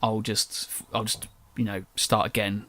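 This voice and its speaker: A man's voice: fairly low pitch, little pitch movement, unhurried, pushed and bright. A young man with a casual English accent that drops its T's, hosting a solo podcast in a rambling, chatty way that keeps correcting itself. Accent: English, dropped T's. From England. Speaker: podcast host.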